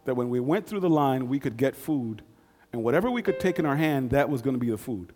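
A man's voice: mid-range voice, lively intonation, a little mellow, faint music behind. Folksy man telling a story in a reverberant hall. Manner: folksy, conversational, dramatic pauses. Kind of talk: live personal storytelling.

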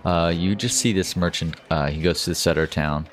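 A man narrating as game master of a tabletop game, casual and halting. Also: deep voice, fairly even intonation. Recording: music playing behind.

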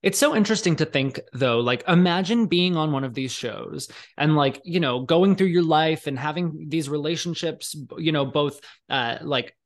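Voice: mid-range voice, normal speed, few pauses. Chatty, agreeable podcast speaker. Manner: chatty, agreeable, quotes people in put-on voices. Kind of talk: casual podcast chat about reality TV.

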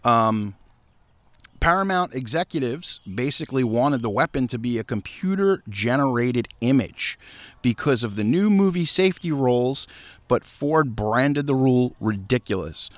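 Animated, profane man hosting a podcast. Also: mid-range voice, normal speed, no echo. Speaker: podcast host. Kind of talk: casual podcast chat. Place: outdoors.

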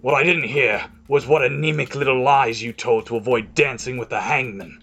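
A man's voice: mid-range voice, normal speed, vocal fry, pushed and bright, breathy edge, soft background music, exaggerated voice. Man playing a snarling half-orc woman guard. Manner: snarling, accusing, taunting.

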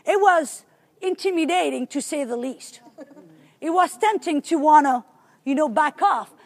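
A woman's voice: sits high, lively intonation, unhurried. A woman preacher teaching a sermon, telling a story with animation and emphasis.

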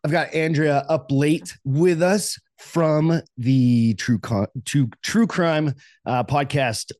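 A man co-hosting a casual podcast, introducing a guest in a relaxed, easygoing way. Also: fairly high pitch, slow, no echo, studio quality. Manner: relaxed and easygoing, with small restarts and fillers. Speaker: podcast co-host.

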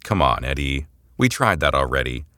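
A man's voice: a bass voice, very animated, normal speed, pushed and bright, no room sound, studio quality, full character voice. A man voicing a cool, glib female imperial agent who interrogates a prisoner in a mock-casual way that turns cold and matter-of-fact. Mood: glib, taunting.

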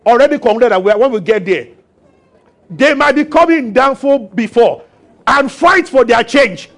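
A man preaching a sermon as pastor, animated and acting out voices. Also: very high voice, normal speed. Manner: animated, acts out voices and laughs with the congregation.

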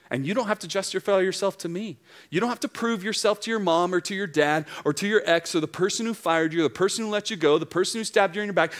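A man's voice: a little high, a bit bright. A man preaching a sermon to young adults, earnest and emphatic, building his points through repeated phrases.

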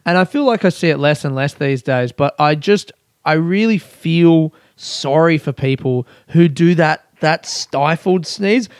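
A man's voice: fairly high pitch, a little slow, clear, resonant tone, no room sound, clean studio sound. A man hosting a solo podcast, chatting casually and joking at his own expense, often laughing. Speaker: podcast host.

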